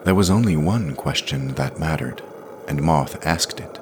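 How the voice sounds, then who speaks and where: A man narrating a scripted audio story in a measured, plain manner. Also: rumbling low, background noise.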